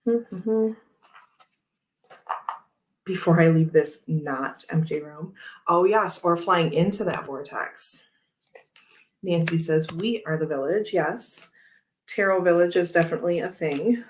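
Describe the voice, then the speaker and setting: A woman in her thirties with a somewhat low voice hosts a casual tarot livestream, chatting easily through stories and readings while handling cards and laughing often. She speaks slowly with long pauses.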